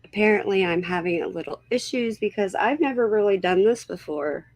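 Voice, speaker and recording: A woman's voice: medium pitch, lively intonation, brisk, a little mellow, no room sound. A woman hosting a casual livestream, greeting viewers one by one and sounding a little unsure of herself. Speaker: livestream host.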